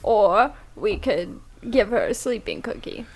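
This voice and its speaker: A woman casually playing a character in a tabletop game, deadpan in her delivery. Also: medium pitch, unhurried, creaky. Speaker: player.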